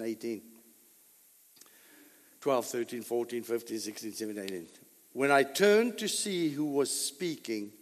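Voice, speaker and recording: A man preaching a sermon as pastor, full of rhetorical questions and sudden loud bursts. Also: mid-range voice. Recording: long hall reverb.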